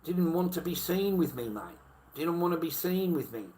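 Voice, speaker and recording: A man's voice: on the high side, lively intonation, normal speed, dark tone. A middle-aged man with an Australian accent, ranting casually about relationships, crude and full of swearing, forever calling the listener mate. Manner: crude, swearing, repetitive, keeps saying mate. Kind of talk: casual rant.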